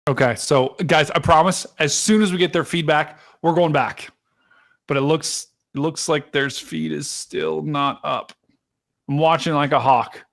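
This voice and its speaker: An excitable man hosts a live weather stream, talking straight to his chat as he walks through radar scans. His voice sits a little higher than most men's, and his delivery is casual and chatty. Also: measured pace, gravelly. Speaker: livestream weather host. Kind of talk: live storm-tracking stream commentary.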